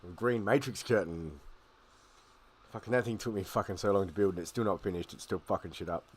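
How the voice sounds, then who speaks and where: Relaxed man hosting a livestream, low voice. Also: fairly quick, husky. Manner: loose, swears often, talks to chat while fixing setup. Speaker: livestream host. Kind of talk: casual livestream chat.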